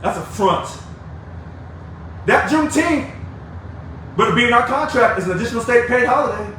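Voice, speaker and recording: A man's voice: very high-pitched, lively intonation, normal speed, sharp tone. Fired-up man ranting into an echoey room. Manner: combative, preachy, taunting. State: angry, fired up. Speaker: union activist addressing members. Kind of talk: fiery video rant. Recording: echoey, distant mic with faint noise.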